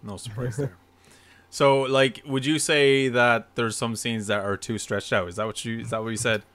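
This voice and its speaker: An easygoing man hosts a casual podcast, chatting loosely and laughing often. His voice sits at a medium pitch. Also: fairly even intonation, normal speed, fairly bright tone, no echo. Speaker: podcast host.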